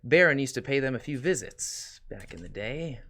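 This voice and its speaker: A man's voice: mid-range voice, animated, normal speed, fairly bright tone, lightly acted. A man voicing a cocky young girl hacker of about twelve in a tabletop role-play, talking in a boastful, offhand way.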